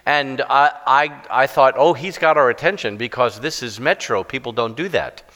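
A middle-aged man preaching a sermon with stories, self-deprecating and halting, with many restarts. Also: medium pitch, sharp tone. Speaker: guest preacher. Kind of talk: sermon with storytelling. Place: church sanctuary. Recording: long church reverb.

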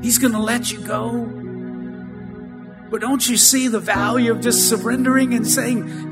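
A man's voice: very high-pitched, fairly even intonation, a little slow. A male pastor giving a fervent, pleading altar call and prayer with a repetitive preacher cadence. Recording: with music playing behind. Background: soft music.

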